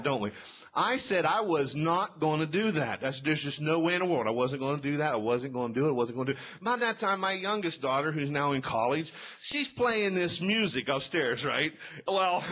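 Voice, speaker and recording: A man's voice: a little high, lively intonation, moderate pace, a bit bright, slightly rough. A middle-aged man telling folksy stand-up stories and quizzing a live audience in a small cafe. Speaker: comedian.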